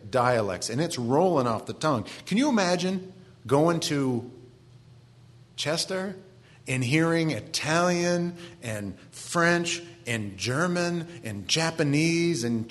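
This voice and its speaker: A man in his forties with a Maine accent, preaching a sermon in a conversational way with self-deprecating asides. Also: on the high side. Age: 40s. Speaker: pastor.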